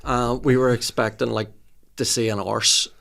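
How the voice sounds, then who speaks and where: A man's voice: mid-range voice, flat delivery, normal speed, vocal fry, a bit bright. A man, telling a story in casual podcast chat.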